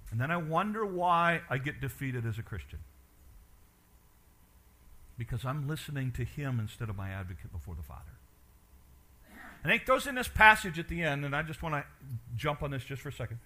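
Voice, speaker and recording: A male pastor preaching with a very bright, ringing voice pitched a little high. He keeps questioning his listeners and swings between loud declarations and low, quiet asides. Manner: animated preaching, asks the congregation questions. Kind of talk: sermon.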